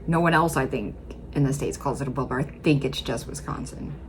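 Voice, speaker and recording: Low-voiced Midwestern woman, chatty. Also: brisk, slight background noise. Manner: chatty, rambling, with frequent fillers. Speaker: reaction video host. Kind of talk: casual commentary.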